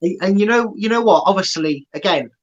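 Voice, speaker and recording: A man's voice: high-pitched, brisk, highs cut off. A man co-hosting a live watchalong, analysing a match in rambling talk full of restarts. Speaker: fan channel co-host.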